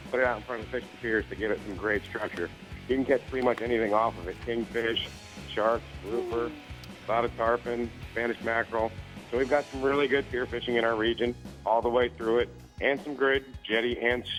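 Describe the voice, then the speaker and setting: A man with a somewhat low voice delivers a regional fishing report, steady and informative as he lists spots and baits. Light background music plays softly under him. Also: rough recording.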